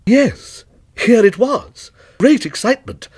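A man reading a short story aloud in a measured, expressive way. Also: extremely high pitch, breathy edge. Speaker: story reader.

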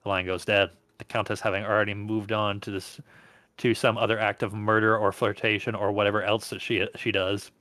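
A man's voice: lowish voice, flat delivery, fairly quick, bright, forceful tone, no echo. A man hosting and reading aloud an interactive story game, casual, stumbling over words and laughing along.

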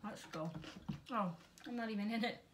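A woman's voice: medium pitch, moderate pace, background noise. A young woman vlogging in her home kitchen, chatting casually and poking fun at herself as she cooks. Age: young adult. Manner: bubbly, self-deprecating chatter while cooking. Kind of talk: casual chatty cooking vlog. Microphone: camera on selfie stick.

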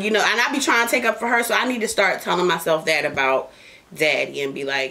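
A woman's voice: medium pitch, expressive, fast, fairly bright tone. A woman hosting a casual podcast while smoking, talking bluntly and profanely, joking, with laughs and coughs. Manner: laughs and coughs between lines. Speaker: podcast host.

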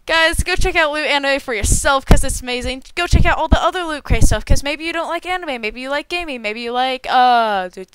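A woman's voice: high-pitched, clean tone, no echo. Bubbly young woman gushing over an unboxing. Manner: bubbly and excitable, gushing with stumbling repeats. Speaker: unboxing channel host. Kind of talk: casual unboxing chat.

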